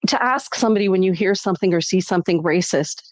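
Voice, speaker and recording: A woman co-hosting a casual live stream, animated and acting out what people say. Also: lowish voice, fast talker, dry recording. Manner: animated, acts out quotes. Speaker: shop live-stream co-host.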